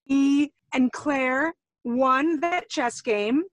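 An earnest mother recounts a family incident in a slightly high voice. She talks casually, with quick acknowledgments along the way. The sound is dry and close. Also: dry recording. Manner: earnest, storytelling, frequent brief agreement. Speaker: mother seeking advice. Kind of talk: casual conversation.

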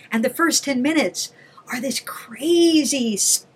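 Animated storytelling woman. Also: high-pitched, moderate pace, breathy edge. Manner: animated storyteller, laughs often. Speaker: podcast co-host. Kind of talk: casual chat.

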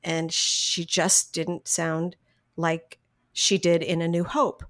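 A middle-aged woman, a voice actress, telling stories from her career in a casual interview, animated, laughing often and restarting her sentences. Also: on the low side, slow. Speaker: voice actress guest.

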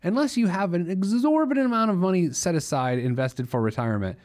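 A man's voice: high voice, animated, a little fast, darkish tone. Playful man hosting a money podcast. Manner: playful, jokey, laughs at himself. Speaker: podcast host giving money advice. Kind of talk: casual monologue.

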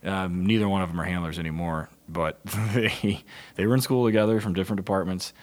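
Deep male police canine trainer; casual, profane, animated storyteller who acts out the quotes. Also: fairly quick. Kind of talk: casual podcast chat.

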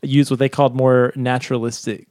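A man's voice: mid-range voice, flat delivery, fairly quick, a little mellow, no echo, studio quality. Chatty man explaining a study. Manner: chatty, explanatory, laughs often. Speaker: podcast co-host explaining a study. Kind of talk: casual science chat.

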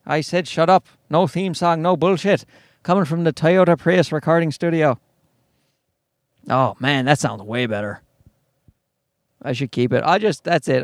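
A man with a fairly high voice hosts a solo comedy podcast from a parked car, and the audio is studio quality with no room sound. He rants in an animated, sarcastic way, swearing freely.

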